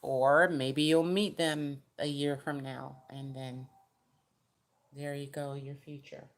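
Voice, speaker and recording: A woman's voice: deep voice, little pitch movement, takes it slowly. A woman giving a casual, chatty tarot reading straight to the viewer, with folksy, direct advice. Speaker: tarot reader.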